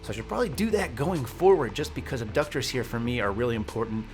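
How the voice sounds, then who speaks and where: A man's voice: medium pitch, sing-song, fast talker, soft background music. A young man chatting casually in a training vlog, laid-back and joking, with the odd swear word. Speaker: powerlifting vlogger.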